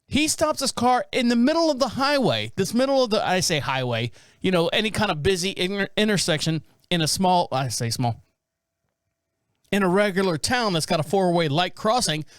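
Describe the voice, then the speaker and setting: Casting note: male podcast host, high voice, dry close sound, rambling and animated. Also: normal speed, clear, resonant tone, no echo. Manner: rambling, animated, acts out quotes. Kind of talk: casual commentary on viral videos.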